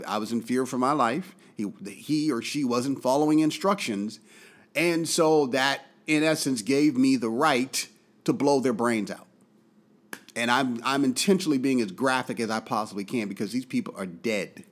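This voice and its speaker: A furious American man speaks straight into the mic in a long commentary monologue. His voice sits at a middling male pitch, dips down into low, quiet stretches, then bursts back up loud and insistent. He repeats lines for emphasis. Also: normal speed. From United States. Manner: angry, emphatic, repeats points for force; swings between loud outbursts and low, quiet drops. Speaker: political commentator.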